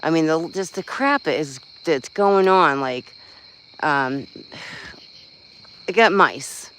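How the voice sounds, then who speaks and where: A man's voice: fairly high pitch, slow pace, fairly bright tone, slight background noise, rough recording. A man chatting casually on a livestream, venting bluntly, swearing freely and rambling with lots of fillers. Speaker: livestream host. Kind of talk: casual live-stream chat.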